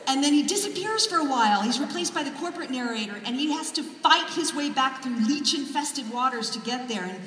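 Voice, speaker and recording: A woman author delivers a comic keynote in a large hall, her high, lively, slightly bright voice moving fairly quickly with hardly any pauses. She's wry and self-deprecating with punchy jokes, picked up from far off in an echoey room full of a laughing crowd.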